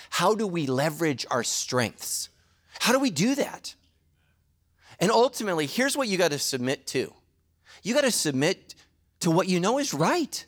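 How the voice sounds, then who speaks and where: A middle-aged man preaching a sermon as a pastor, animated and jokey, with quick asides to the congregation. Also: on the high side.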